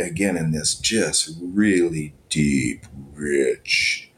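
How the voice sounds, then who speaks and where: Brief: middle-aged male guest, very low voice, lively storyteller with chuckles, faint hum behind. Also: a little slow, few pauses. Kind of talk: conversational storytelling.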